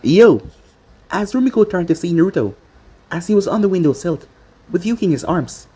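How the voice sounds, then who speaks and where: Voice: medium pitch, expressive, fast, mellow, slightly rough. A reader casually reading a fan fiction story aloud, stumbling over words now and then.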